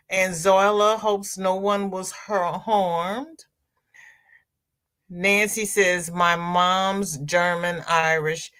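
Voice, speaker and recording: Woman, crochet livestream host, casual chat, reads comments aloud, slow-paced. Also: fairly low pitch, fairly bright tone. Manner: chatty, reads viewer comments aloud and responds.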